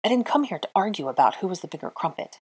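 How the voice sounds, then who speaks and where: A woman voicing a sharp-tongued, exasperated young witch who turns shrill and sarcastic when indignant. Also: sing-song, fast talker, husky.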